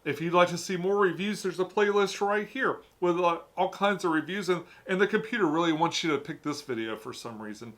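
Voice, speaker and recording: A man's voice: high voice, fairly quick, hardly any pauses, a bit bright. A man co-hosting a board game review, chatting casually with his partner and signing off the video. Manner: easygoing, chatty sign-off host.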